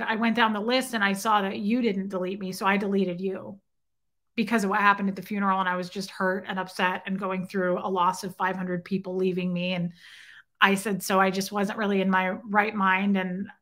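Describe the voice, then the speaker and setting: A young adult woman hosting her own show casually retells a personal encounter in a medium-pitched voice at a moderate pace. She animates it with quoted dialogue, acting out both sides, and makes side remarks to chat.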